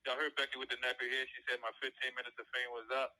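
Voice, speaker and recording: A man's voice: mid-range voice, monotone, racing, bright, forceful tone, rough recording. A man hosting a show, talking casually and animatedly to his listeners, firing rhetorical questions and laughing at his own jokes. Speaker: show host.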